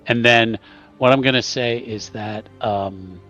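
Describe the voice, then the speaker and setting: A man narrating a tabletop game as game master, pausing often with ums and restarts. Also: medium pitch, fairly even intonation, pushed and bright, dull audio, soft background music. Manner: hesitant, many ums and restarts.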